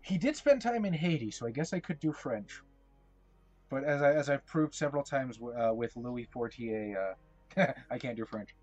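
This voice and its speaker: A man narrating as storyteller of a tabletop game, self-deprecating and hesitant, often pausing on fillers. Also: mid-range voice, animated, darkish tone, highs cut off, soft background music.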